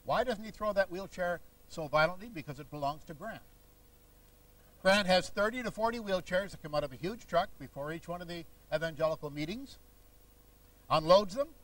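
A man giving a lively public lecture as a stage conjurer, telling stories and doing impressions. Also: high-pitched, moderate pace, distant mic, rough recording. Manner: lively, theatrical storytelling with impressions. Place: lecture hall.

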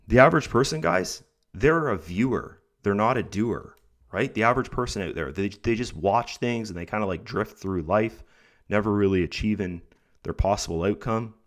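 A sick young man with a rough throat, chatting casually to his viewers as he talks them through his earnings online and keeps peppering his pep talk with "guys" and "right?". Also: fairly low pitch, moderate pace. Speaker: online income vlogger. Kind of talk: casual talk to camera over screen recording.

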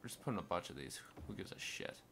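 A young man commentating his city-building game, muttering along and then bursting into panicked, cursing shouts. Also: sits low, lively intonation, fast, creaky, faint music behind. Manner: swings from mumbling to panicked yelling, swears constantly. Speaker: gameplay streamer. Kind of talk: casual let's-play commentary.

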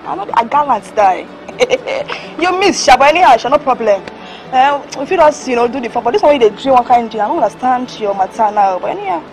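An actress with a Nigerian Pidgin accent playing a playful, teasing young friend who drops slang in a film. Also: female voice, sits high, lively intonation, brisk, few pauses, music in the background, low-quality recording. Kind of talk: film acting.

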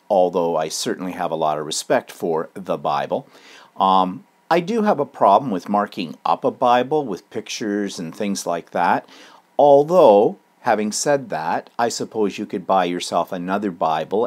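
Chatty lively man with a frog in his throat. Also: deep voice. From Canada. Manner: rambling, chatty, self-correcting. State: slight cough, frog in throat. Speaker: vlog host. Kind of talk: casual vlog chat.

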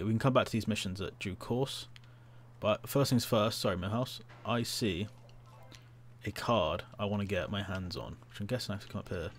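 A man giving casual let's-play commentary, jittery, chatty and self-mocking as he plays. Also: on the low side. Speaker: gameplay commentator.

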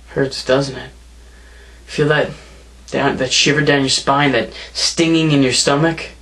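A young man cuts a wrestling promo in a mid-pitched voice. He taunts and mocks his rival throughout, trash-talking him directly. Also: fairly even intonation, normal speed, fairly bright tone.

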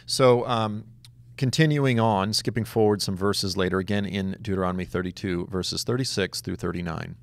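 Male Bible teacher, deep and heavily gravelly, emphatic and conversational, dry close sound. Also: normal speed, no echo. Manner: animated, emphatic storytelling with casual asides.

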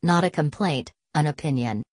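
A man's voice: fairly high pitch, normal speed, darkish tone, no echo, studio quality, lightly acted. A woman reading a cold, stern male official. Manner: clipped and cold. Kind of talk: audiobook character reading.

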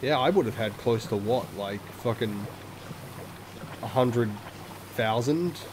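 A man's voice: mid-range voice, takes it slowly, noisy background. A man hosting a let's play, giving casual gameplay commentary, swearing often and making self-mocking, chatty asides. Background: game music.

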